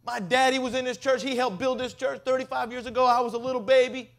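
A man voicing a tearful, excited middle-aged woman churchgoer who gushes out her testimony. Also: extremely high pitch, fast, gravelly, voice pushed up, heavily acted. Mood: gushing.

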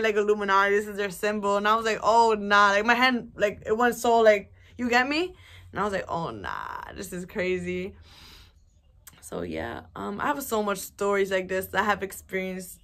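A woman's voice: mid-range voice, a little fast. Rambling young woman telling a story. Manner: rambling, animated, swears a lot, many fillers. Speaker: vlogger. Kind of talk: casual storytelling to camera.

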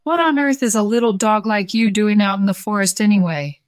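A woman voicing a young male bear cub who is kind and gently teasing, in a children's storybook reading. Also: medium pitch, brisk, dry recording, studio quality, pitched above the performer's own voice, lightly acted. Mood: earnest.

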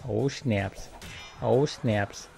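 A man's voice: lowish voice, extremely slow, vocal fry, a little mellow, faint music behind. A man casually commentating a video game, joking and talking playfully to the characters. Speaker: gameplay commentator.

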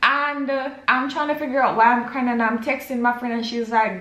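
Bright-voiced Jamaican woman vlogging at home. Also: a little high, steady tone, a little fast, hardly any pauses. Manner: chatty, switching between patois and English. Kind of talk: casual vlog chat. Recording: roomy echo.

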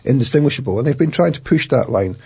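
A middle-aged man, a guest in an interview, recounting events in an animated way with many restarts. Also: mid-range voice, fast, creaky, slightly rough. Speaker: guest, academic.

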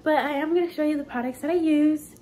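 A woman's voice: high voice, quick pace, slight background noise. A young woman vlogging in a casual, chatty way, rambling with lots of "like" and "um", her nose stuffy and congested. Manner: chatty, gushing, rambling with many likes and ums. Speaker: lifestyle vlogger. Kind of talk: casual chat. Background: loud music.

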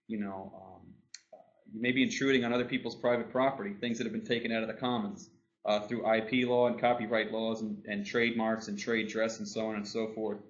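A man hosts a loose panel chat, his questions winding and full of restarts. His voice is bright and forceful. The audio is dull and lo-fi. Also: lowish voice. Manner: rambling, self-interrupting questions. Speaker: host. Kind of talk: casual panel discussion.

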